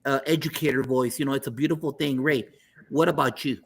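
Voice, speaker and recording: A man's voice: mid-range voice, steady tone, fast, creaky, breathy edge. A man hosting a panel chat, talking enthusiastically and restarting his sentences. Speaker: host.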